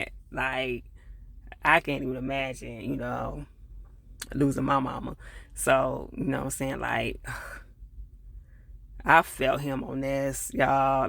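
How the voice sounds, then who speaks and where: A man with a gravelly, fry-edged voice recaps a TV episode in a loose, chatty way, talking straight to his viewers. He acts out the characters' lines as he retells each scene. The sound is dry and close. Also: medium pitch, dry recording. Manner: chatty, loose, full of fillers and asides to viewers; gets heated and louder when annoyed. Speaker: TV episode reviewer. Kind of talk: casual episode recap and review.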